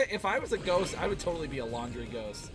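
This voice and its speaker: A man live-streaming a video game, reacting with excited yelps and exclamations. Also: a little high, brisk. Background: game music.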